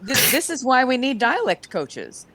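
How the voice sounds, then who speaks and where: A woman's voice: high voice, big pitch swings, measured pace, a bit bright. A woman in a casual chat, curious and full of questions.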